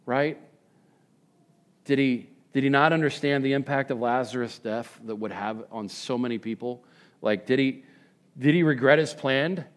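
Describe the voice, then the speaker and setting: A male pastor preaching a sermon in a conversational way, swinging between hushed reflection and emphatic questions. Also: mid-range voice.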